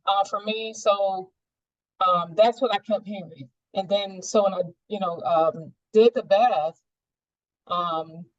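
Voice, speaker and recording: A woman's voice: medium pitch, steady tone, slow pace, no room sound, lo-fi sound. A woman sharing a personal experience in a group coaching session, reflective and searching, with many fillers.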